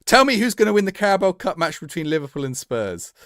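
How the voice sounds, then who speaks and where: A man's voice: high voice, big pitch swings, quick pace, a bit bright, no room sound, clean studio sound. A man streaming a game live, joking around and talking to an AI voice. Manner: playful, joking, talks to the game and AI. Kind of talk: live gameplay commentary.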